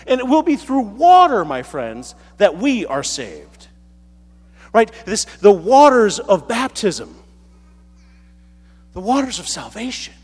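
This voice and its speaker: A high-pitched man gives a loose, chatty sermon as a parish priest, often tagging his points with a quick question. His voice rings out through a large church with a long echo. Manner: casual, many fillers and tag questions. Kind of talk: conversational sermon. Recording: reverberant church hall.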